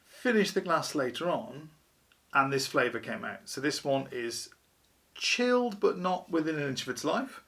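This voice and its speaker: A man's voice: on the high side, sing-song, moderate pace, fairly bright tone. A man hosting a casual beer review vlog, chatty and wry, poking fun at himself. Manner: chatty, wry, self-deprecating.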